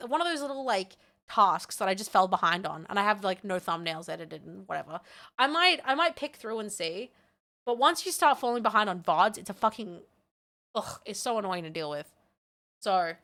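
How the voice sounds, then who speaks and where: A woman's voice: on the high side, sharp tone. A woman chatting candidly on a live stream, rambling and self-deprecating with frequent laughs. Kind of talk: casual live-stream chat.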